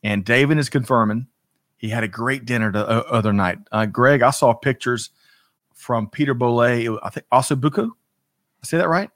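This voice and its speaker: A man's voice: medium pitch, normal speed, a bit bright, no room sound, studio quality. A man hosting a live talk show, greeting viewers by name in an upbeat way with a few stumbles. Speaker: host.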